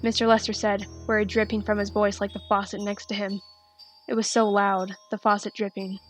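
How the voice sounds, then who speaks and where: A woman's voice: mid-range voice, flat delivery, brisk. Woman reading fan fiction over music. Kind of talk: dramatic story reading.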